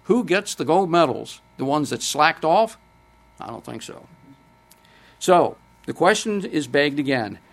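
A man's voice: on the high side, sing-song, a little slow, vocal fry. An older man preaching a sermon, speaking conversationally, quoting scripture and putting questions to the congregation.

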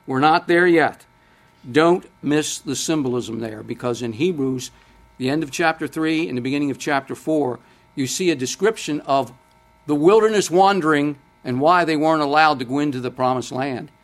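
A man's voice: a little high, normal speed. An older man preaching a sermon, speaking conversationally, quoting scripture and putting questions to the congregation.

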